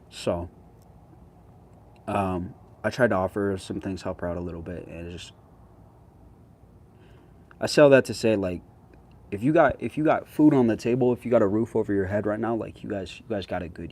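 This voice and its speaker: A man's voice: deep voice, vocal fry, a little mellow, breathy edge. A young man chatting casually with his viewers as a social media creator, in a slangy, laid-back way.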